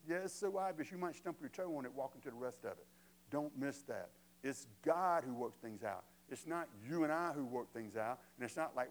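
A man's voice: a little high, a little fast, rough recording. A man preaching a sermon as pastor, conversational and emphatic, asking the congregation rhetorical questions.

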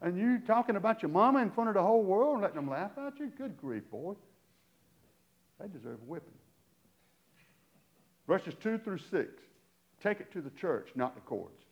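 A man's voice: high voice, big pitch swings, normal speed, long pauses, dull audio. A middle-aged man preaching a sermon in a conversational way, with sarcastic asides. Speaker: pastor.

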